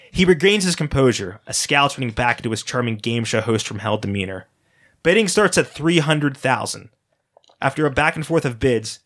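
Man narrating a dark story. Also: medium pitch, vocal fry. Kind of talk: scripted first-person story narration.

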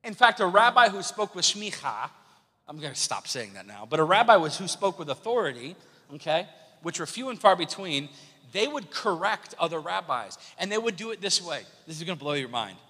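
Man, pastor, sermon, lively swooping voice, fairly high, church hall reverb. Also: brisk, husky. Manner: animated, questions the congregation. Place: church sanctuary.

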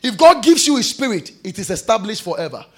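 A man preaching a sermon, shouting scripture with fervor and dropping to quiet prayer. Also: high voice, very animated, quick pace. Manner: shouts scripture, then drops to soft prayer.

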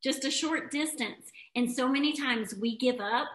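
A woman's voice: high voice, moderate pace, a bit bright, reverberant, poor audio. A woman co-host speaking earnestly and affirmingly about pushing through. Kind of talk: motivational speaking.

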